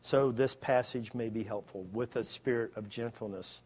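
A man's voice: medium pitch, steady tone, normal speed, few pauses, husky. Man preaching a conversational sermon. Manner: conversational, growing emphatic and loud in stretches.

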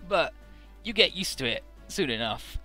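A man's voice: fairly high pitch, big pitch swings, normal speed, sharp tone, faint music behind, voice pushed up, full character voice. A man voicing a stiff, matter-of-fact teenage boy soldier in a game recap.

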